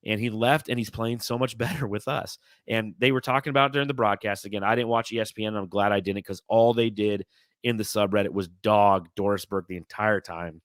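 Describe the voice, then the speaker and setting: A lower-voiced man co-hosting a casual sports podcast, recorded close and dry. He talks in an excitable way, breaks into laughs often, and reads fan comments aloud with plenty of energy. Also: fairly quick, no room sound. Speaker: podcast co-host.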